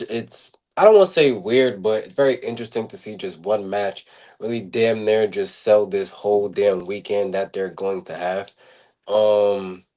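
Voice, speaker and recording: A man's voice: lowish voice, darkish tone. A man co-hosting a podcast, chatting casually, rambling with lots of fillers and repeated words. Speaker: podcast co-host. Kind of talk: casual chat.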